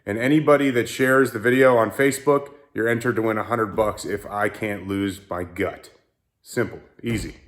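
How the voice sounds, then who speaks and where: A man's voice: lowish voice, fairly even intonation, normal speed. Joking young man in a garage. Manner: joking, self-mocking, rambling. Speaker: car-build vlogger. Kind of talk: casual garage vlog. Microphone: phone.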